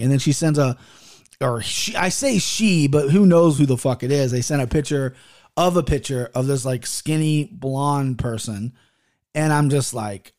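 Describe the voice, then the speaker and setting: A man's voice: mid-range voice, darkish tone. A man in his thirties hosting a podcast, telling stories in a loose, rambling and profane way, with frequent restarts. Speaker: podcast host. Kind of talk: casual rambling podcast storytelling.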